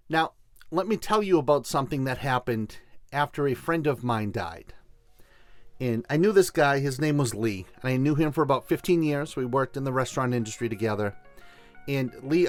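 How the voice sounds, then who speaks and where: A man hosting a podcast, telling stories in an animated, conversational way and acting out the quotes. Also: medium pitch, dry recording. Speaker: podcast host. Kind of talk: podcast storytelling.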